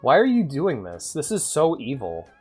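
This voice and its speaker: Animated profane streamer man. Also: fairly high pitch, normal speed, husky, soft background music. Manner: loose and profane, bursts of laughter; animated, swings between loud and muttered. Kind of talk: livestream reaction chat.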